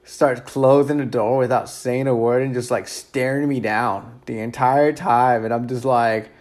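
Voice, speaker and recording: A real estate agent telling stories about his job in a casual, rambling way, full of fillers and repeated words, relaxed and candid with some mild cursing. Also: medium pitch, measured pace. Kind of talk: casual storytelling.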